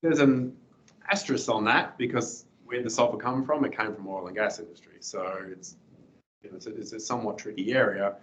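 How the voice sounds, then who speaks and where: A middle-aged man giving a guest lecture with slides, hoarse and clearing his throat, speaking haltingly with many fillers and restarts. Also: lowish voice, fairly even intonation, a little hiss or hum, rough recording.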